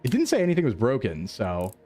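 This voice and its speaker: A man streaming a repair simulator, chatting casually and thinking aloud with excitable bursts. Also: mid-range voice, fast talker, faint music behind. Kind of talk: casual game commentary.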